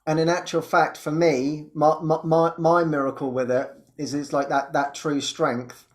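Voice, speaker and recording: A man who hosts a spiritual show, telling a personal story in a casual, animated way and laughing often. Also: normal speed. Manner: animated storytelling, laughs often, jumps high when quoting. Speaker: spiritual teacher and podcast host.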